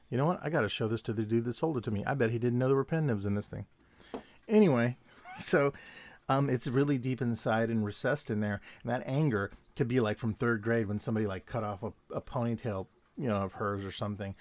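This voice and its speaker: In this casual draw-and-chat clip, a medium-pitched man, an artist and vlogger who once worked as a security guard, rambles through old work stories at his home desk at night. He wanders off topic and laughs a lot, and there's no echo.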